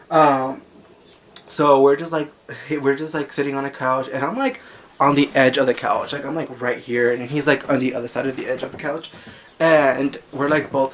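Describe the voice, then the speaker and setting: A man's voice: medium pitch, vocal fry, slight background noise. A young man telling a personal story in a chatty, sassy way, full of filler words. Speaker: vlogger. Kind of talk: casual storytime.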